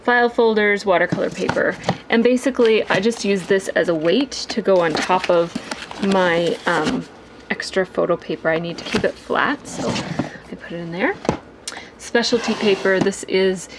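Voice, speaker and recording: A woman's voice: mid-range voice, normal speed, noisy background. A woman giving a casual tour of her home craft room, chatty and rambling with lots of fillers. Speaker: crafting vlogger.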